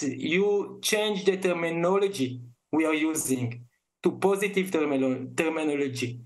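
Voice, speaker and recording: A man in his forties with an Israeli accent, guest in an interview, tearful and halting, repeating words as he speaks with deep emotion. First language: Hebrew.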